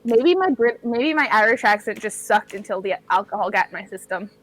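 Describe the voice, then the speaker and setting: A woman chatting as a tabletop game player, giggly and animated, on a home mic. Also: medium pitch, fairly quick. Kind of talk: casual tabletop game chat.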